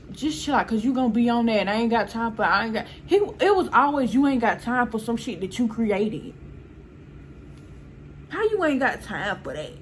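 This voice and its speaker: A young woman, telling a storytime in a casual, animated way, swearing and often quoting people. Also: fairly high pitch, slight background noise. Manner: animated, swearing, laughs often, quotes people in quick bursts. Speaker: storyteller vlogger.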